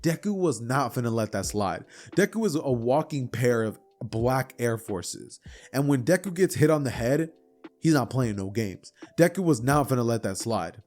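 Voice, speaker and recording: Over faint background music, the medium-pitched young man keeps his casual storytelling going at a normal speed. His made-up anime tale comes out animated, slangy and chatty.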